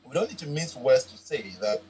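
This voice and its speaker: A man's voice: mid-range voice, big pitch swings, brisk, darkish tone, poor audio. A Ghanaian man speaking as a guest political commentator, emphatic and rhetorical, building his points through repetition.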